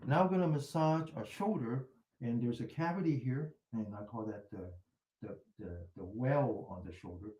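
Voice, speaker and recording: A man calmly talking a group through self-massage, step by step, sometimes whispering softly. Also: medium pitch, normal speed, highs cut off. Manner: calm step-by-step directions, drops to a soft whisper for repeated words. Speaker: mindfulness instructor. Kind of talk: guided self-massage instruction. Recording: echoey room.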